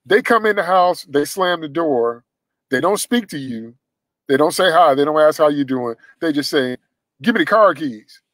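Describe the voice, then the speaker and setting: A man's voice: on the high side, moderate pace, no echo, poor audio. Emphatic preacher man, dry close sound. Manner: emphatic, swings from loud to hushed, acts out quoted voices. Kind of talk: sermon.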